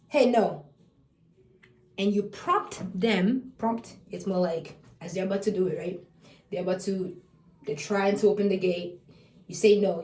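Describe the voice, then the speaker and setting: A woman giving a casual explanatory talk on early intervention, chatty and lively, acting out how parents and children talk to each other. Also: mid-range voice, echoey room. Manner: chatty, acts out parent and child exchanges, laughs often.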